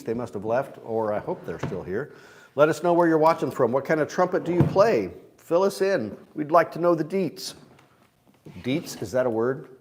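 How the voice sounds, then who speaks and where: A man's voice: medium pitch, background noise. A man casually hosting a morning livestream, chatting with viewers and reading their comments aloud. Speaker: livestream host selling instruments. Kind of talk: casual live-stream chat.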